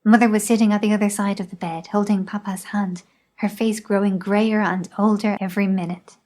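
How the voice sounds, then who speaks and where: A woman reading a memoir aloud in scripted narration, measured and even. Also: mid-range voice. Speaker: audiobook reader.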